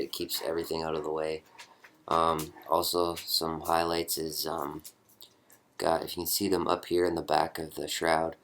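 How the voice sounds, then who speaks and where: Young male hobbyist, very low voice, casual rambling show-and-tell, corrects himself as he goes. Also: a bit bright. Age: young adult. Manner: rambling, chatty, self-correcting. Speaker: hobbyist prop builder.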